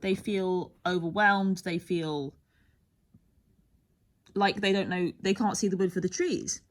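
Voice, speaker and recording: A woman's voice: on the low side, slow pace. A woman giving a tarot card reading in a rambling, musing way, often breaking off mid-sentence and sometimes dropping almost to a whisper. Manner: rambling, musing, self-interrupting. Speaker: tarot reader.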